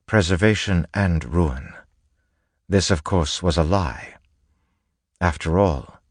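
A man narrating an audiobook with a steady, even reading. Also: low-pitched, dry recording, studio quality.

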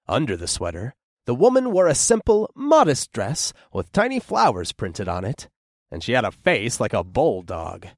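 A man reading a first-person story as an audiobook narrator, with expressive, descriptive storytelling. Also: medium pitch, normal speed, dry recording, studio quality.

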